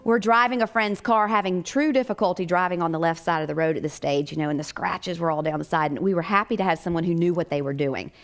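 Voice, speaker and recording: An American woman, a chiropractic doctor, telling a personal story in a lively way with frequent laughter. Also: lowish voice, fast, hardly any pauses.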